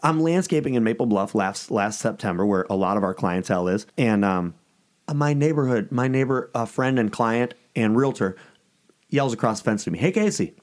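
A man's voice: fairly low pitch, normal speed. A middle-aged man, an ice cream shop owner, telling a story casually in conversation and acting out the quoted dialogue in a raised voice.

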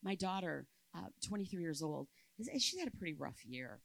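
A woman in her fifties giving a sermon at a church camp, telling a personal story and moving between loud emphasis and soft, quiet passages. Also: on the low side, lively intonation, fairly quick, vocal fry, no room sound, rough recording.

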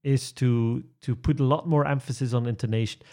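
Male trainer, conversational, halting with fillers and restarts, laughs easily. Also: medium pitch, fairly even intonation, warm tone. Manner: hesitant, many restarts and fillers, chuckles often. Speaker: presentation trainer. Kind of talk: conversational podcast chat.

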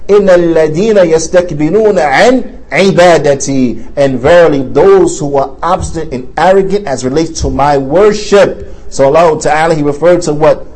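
A man's voice: fairly high pitch, normal speed, few pauses, darkish tone, husky, poor audio. A man teaching an Islamic studies class in a mosque, reading Arabic text aloud and translating it into English, with frequent fillers and restarts. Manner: reads Arabic passages, then explains them in English with fillers and restarts.

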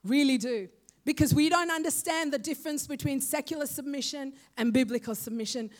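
A woman preaches with fervor, her voice sitting high. She keeps pressing her listeners with rhetorical questions and calls of "Amen?" as the sermon builds. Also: a little fast.

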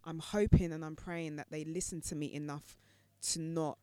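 A woman co-hosts a casual podcast chat, animatedly telling stories and acting out voices. Her low-pitched voice moves at a normal speed, and the recording is dry with a clean tone.

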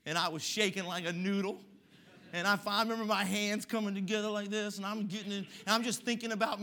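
Animated high-voiced male preacher. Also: quick pace. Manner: animated storytelling preaching, emphatic swells. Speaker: pastor. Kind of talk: sermon.

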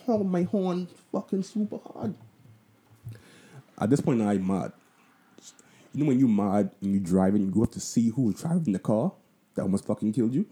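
Deep, dark-voiced Bahamian man. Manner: profane, loose and conversational, with lots of asides. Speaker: vlogger. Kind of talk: casual storytelling.

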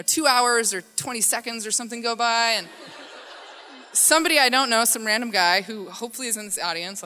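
A woman telling a funny personal story on stage to an audience, animated and self-mocking, acting out the voices in it. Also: a little high. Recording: hall reverb.

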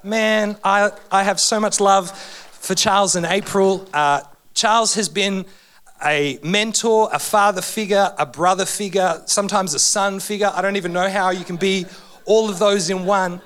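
A man delivers a sermon in a church. His voice sits fairly high for a man and keeps jumping up and dropping low as he preaches. He mixes humour with heartfelt moments. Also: normal speed, clear, resonant tone. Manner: animated, humorous, emotional preaching with big pitch swings. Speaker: guest preacher. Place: church hall.

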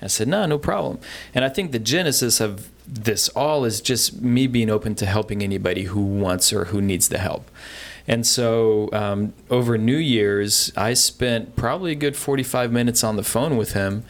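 Low-voiced easygoing male guest. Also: normal speed. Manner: easygoing, plainspoken, brief replies. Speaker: home inspector, radio guest. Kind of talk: casual radio interview.

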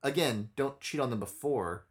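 A man's voice: mid-range voice, moderate pace. A young man co-hosting a casual podcast, telling a story bluntly with lots of swearing. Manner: profane, blunt, animated storytelling. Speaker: podcast co-host.

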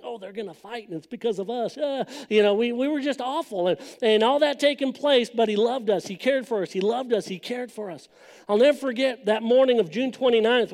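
A middle-aged male preacher with a notably high voice, telling a personal story from the pulpit and building to fervent emphasis. The sound rings with a long reverb, as in a large church hall. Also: a little mellow. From California. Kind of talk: sermon testimony.

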